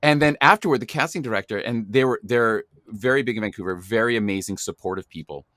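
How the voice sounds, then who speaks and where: A man with a fairly low voice hosts a casual podcast chat, emphatic and chatty as he makes his points. The sound is dry and close, with no room echo. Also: fast talker, fairly bright tone. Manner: chatty and emphatic, acts out quoted dialogue. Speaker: podcast host.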